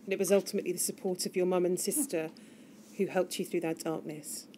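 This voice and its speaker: A woman questioning a witness at a formal hearing, in a measured, gentle way. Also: fairly low pitch, steady tone, a little hiss or hum. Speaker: inquiry counsel questioning a witness. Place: hearing room.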